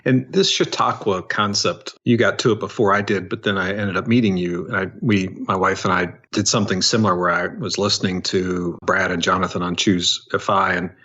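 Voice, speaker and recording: A man with a fairly low voice asks long, curious questions as he guest-hosts a podcast. His audio sounds muffled and lo-fi. He talks in an easy, conversational way. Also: fairly even intonation, normal speed, few pauses, pushed and bright. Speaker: guest host interviewer. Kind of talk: casual interview questions. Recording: dull lo-fi audio.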